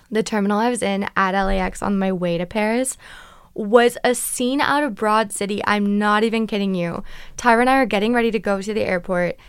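A young woman vlogger telling a travel story in a chatty, dramatic way with quick asides. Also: mid-range voice, vocal fry, clear, resonant tone, dry recording, clean studio sound. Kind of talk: casual storytelling vlog.

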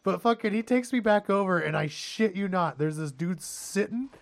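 A man's voice: high voice, lively intonation, normal speed, creaky. A man telling a story among friends, laughing, swearing a lot and quoting what others said.

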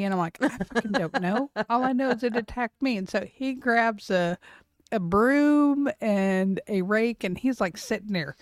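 A woman's voice: mid-range voice, unhurried, no room sound, clean studio sound. A middle-aged woman co-hosting a podcast, telling a story in casual chat, swearing freely and laughing often. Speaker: podcast co-host.

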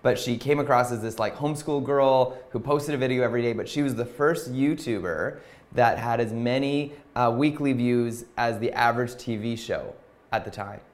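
A man's voice: medium pitch, moderate pace. A man hosting a podcast in casual conversation, friendly, with frequent affirmations. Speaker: podcast host.

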